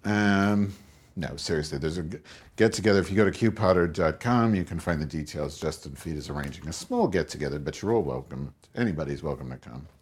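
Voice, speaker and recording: A man's voice: very deep voice, lively intonation, brisk, breathy edge. A man hosting his own show, rambling through crude comic stories and acting out both sides of conversations. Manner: crude, rambling, acts out quotes in raised voice. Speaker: podcast host.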